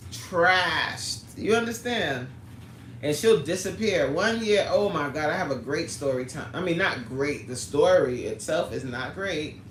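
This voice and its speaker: A woman hosting a casual livestream, chatting with viewers by name and launching into a story. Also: deep voice. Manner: chatty, answers the live chat by name, storytelling. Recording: roomy echo, faint background noise.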